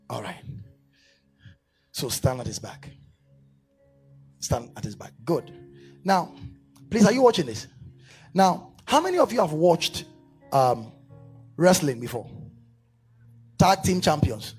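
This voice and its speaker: A husky, high-leaning male voice belongs to a preacher at a church service. Before the congregation, he runs a staged demonstration within his live sermon, directing volunteers and leading prayer that swells from animated to fervently shouted.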